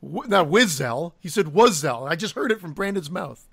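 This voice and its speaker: A man co-hosting a podcast in casual chat, teasing the others with quick quips. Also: fairly high pitch, very animated, creaky, fairly bright tone. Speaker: podcast co-host.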